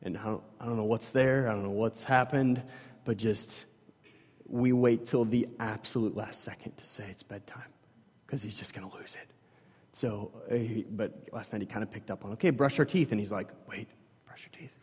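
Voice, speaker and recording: A man telling a personal story about his children to a group, rambling with many fillers and dropping to a hush at times. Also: on the low side, fairly even intonation, normal speed, slightly rough. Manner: rambling, many fillers, swings from loud to hushed. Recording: long hall reverb.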